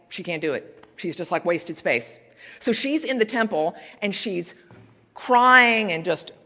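A woman's voice: medium pitch, fairly bright tone. A woman preaching a sermon in a church, speaking in a conversational, candid way and telling stories. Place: church sanctuary. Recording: long church reverb.

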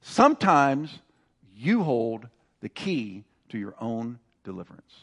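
A male pastor preaches an emphatic sermon and calls on the congregation to repeat phrases after him. His mid-range voice is very animated and fairly bright, and he takes it slowly.

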